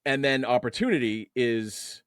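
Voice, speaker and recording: A man's voice: mid-range voice, a little slow, clean tone, dry recording, clean studio sound. A man speaking as a guest in an interview, a coach on men's emotions, who explains his ideas with everyday analogies and lifts his voice on key words. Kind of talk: conversational interview.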